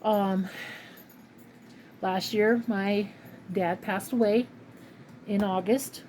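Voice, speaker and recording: A woman's voice: medium pitch, steady tone, drawn-out words, darkish tone. Woman in her fifties, from California, rambling heartfelt vlog, noisy home recording. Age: 50s. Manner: rambling, heartfelt, many fillers. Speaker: crochet channel vlogger. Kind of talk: casual personal vlog.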